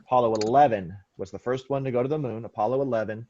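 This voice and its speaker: A man's voice: medium pitch, fast talker, mellow, dull audio. A man teaching a history class, lecturing loosely with many restarts and firing questions at his students. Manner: rambling, self-correcting, quizzes students.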